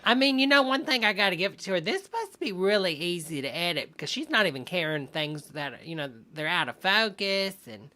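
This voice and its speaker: A woman's voice: fairly low pitch, lively intonation, brisk, few pauses, bright, forceful tone, a little hiss or hum. A woman hosting a live stream, reacting to videos with chatty, amused commentary and lots of asides. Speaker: host reacting to online videos. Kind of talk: casual commentary livestream.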